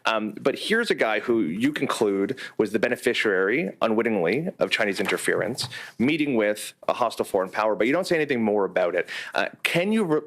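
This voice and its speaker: A man's voice: on the low side, a bit bright. A male reporter at a press conference, asking probing follow-up questions with some hesitation.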